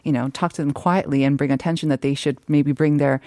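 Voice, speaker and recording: A thoughtful woman talking through a topic in a relaxed discussion. Her voice sits a little low and sounds close and dry. She pauses often and picks her words with care. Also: no echo. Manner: thoughtful, measured, frequent fillers. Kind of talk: casual discussion.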